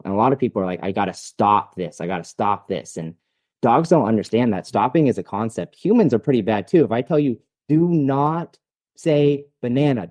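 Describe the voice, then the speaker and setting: A man's voice: fairly low pitch, dry recording. A man, a dog trainer guest, talking casually and enthusiastically in an interview. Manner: enthusiastic, animated storytelling with laughs.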